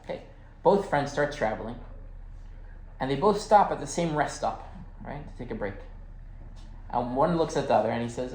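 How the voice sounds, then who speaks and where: A man's voice: mid-range voice, animated, normal speed, pauses often, darkish tone. Man teaching in an echoey room. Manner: conversational, keeps checking in with "right?". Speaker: rabbi teaching a class. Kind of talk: informal teaching with storytelling. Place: classroom with listeners present. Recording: roomy echo, faint background hum.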